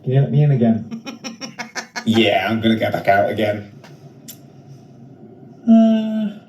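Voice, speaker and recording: A man voicing a bored, sarcastic house cat who teases its owner in a deadpan way. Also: lowish voice, a little slow, reverberant, a little hiss or hum. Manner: deadpan, teasing.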